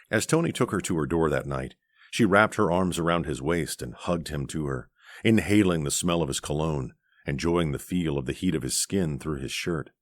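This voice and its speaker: A man reading an audiobook aloud in a measured, gentle narration on a close studio mic. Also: a bass voice, no room sound.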